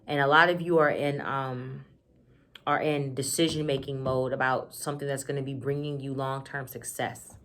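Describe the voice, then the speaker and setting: A woman giving a casual tarot reading to camera, excited and chatty, full of slang and "like". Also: very deep voice, moderate pace. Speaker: tarot reader.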